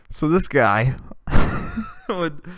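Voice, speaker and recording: A man's voice: a little high, fairly bright tone, no room sound. A young man hosting a comedy video, telling a rambling, sarcastic story about a former job. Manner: rambling, sarcastic, laughing at his own jokes. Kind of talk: comedic monologue.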